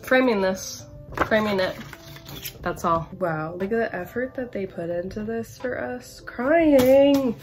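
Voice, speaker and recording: A woman's voice: medium pitch, unhurried, over music. A 21-year-old woman chatting in an unboxing vlog, gushing and rambling with constant "like" and "literally.". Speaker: campus brand rep.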